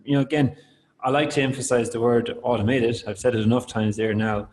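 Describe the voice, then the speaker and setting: A man presenting a software tool in a webinar, talking loosely with many fillers and restarts. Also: medium pitch, fairly even intonation, fairly quick, poor audio. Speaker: product presenter. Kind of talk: webinar talk.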